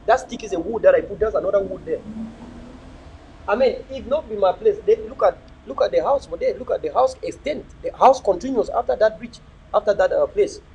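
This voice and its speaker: A man's voice: sits high, animated, brisk, creaky, a little mellow, highs cut off, a little hiss or hum. A young man hosting a live video chat, preaching and joking, slipping between pidgin and English. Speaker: livestream host.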